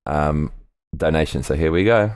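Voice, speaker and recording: A man casually chatting on a live stream, reading out viewer comments, excitable and swearing often, repeating himself. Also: very deep voice, moderate pace, heavy background noise.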